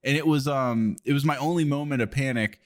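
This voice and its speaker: A man co-hosting a podcast, telling a rambling, animated story with laughs in casual chat. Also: medium pitch, a little fast. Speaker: podcast co-host.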